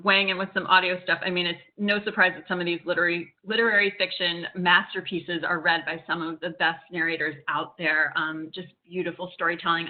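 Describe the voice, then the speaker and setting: A woman co-hosting a casual book chat, talking in a chatty way with lots of 'like' and 'um', over a video call. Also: on the low side. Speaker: library marketing co-host. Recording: tinny video call audio.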